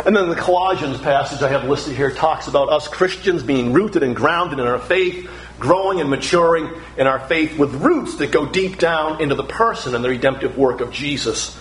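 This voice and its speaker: A man's voice: mid-range voice, a bit bright, a little hiss or hum, low-quality recording. A middle-aged man preaching a sermon, emphatic and building through repeated phrases.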